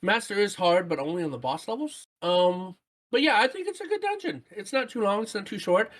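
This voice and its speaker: A woman co-hosting a gaming podcast, reading out listener comments in casual chat and breaking into excited shouts. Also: medium pitch, fairly quick. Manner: animated, jumps to excited shouts. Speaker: podcast co-host.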